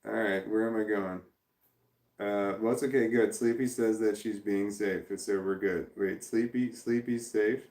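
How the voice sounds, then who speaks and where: A man in his forties reads viewer comments on a relaxed livestream, rambling, swearing and breaking off mid-thought. His voice sits on the low side, a little mellow, with fairly even intonation and normal speed. Recorded through a camera in front of him, the sound has a roomy echo.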